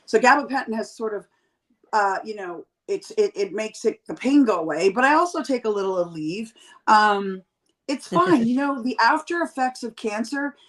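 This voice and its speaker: A woman in her fifties in candid casual chat, telling blunt, profane stories with lively quoted voices. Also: on the high side, moderate pace, low-quality recording. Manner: blunt, profane, animated storyteller. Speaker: podcast guest.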